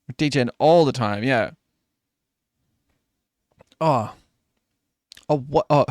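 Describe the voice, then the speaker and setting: A man's voice: medium pitch, slow pace, long pauses, a little mellow, dry recording, clean studio sound. A man casually chatting while live-streaming, sick with influenza and coughing, joking and teasing as he talks.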